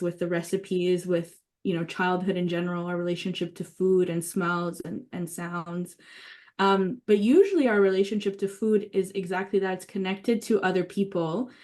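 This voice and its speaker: A woman's voice: lowish voice, a little mellow. A woman leading a writing workshop, talking enthusiastically and thinking aloud with many fillers and restarts. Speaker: workshop leader.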